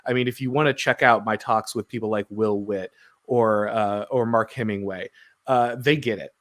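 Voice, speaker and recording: A man's voice: fairly low pitch, fairly even intonation, moderate pace. A man from the United States hosting a podcast, talking through his views in a casual, rambling way, often restarting and tagging his points with "right?". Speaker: podcast host. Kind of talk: casual political discussion.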